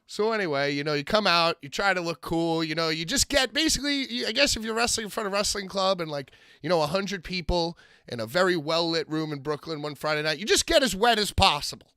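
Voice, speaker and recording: A man chats on a podcast with a high, swooping voice that rises and falls a lot. His tone is bright and forward, and his animated storytelling keeps jumping into acted-out quotes. The sound is dry and close. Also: quick pace, few pauses, clean tone, no echo. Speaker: podcast co-host. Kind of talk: casual podcast chat.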